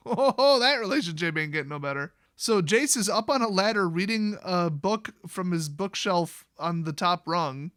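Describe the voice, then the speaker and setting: A man's voice: high voice, animated, normal speed, fairly bright tone, dry recording, studio quality. A young man giving a sarcastic, rambling comedic recap of a fantasy story, swearing casually as he goes. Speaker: YouTube lore host.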